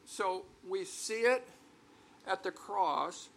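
A man's voice: high-pitched, animated, slow pace, vocal fry, a bit bright. An older man preaching a sermon to a congregation, talking conversationally with stories and then building to emphatic peaks. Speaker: pastor.

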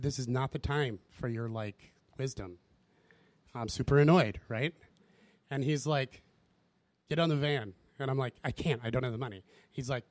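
A man's voice: mid-range voice, no room sound. A man preaching from personal testimony, acting out conversations as he tells the story. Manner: animated storytelling, acts out dialogue. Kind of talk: sermon testimony.

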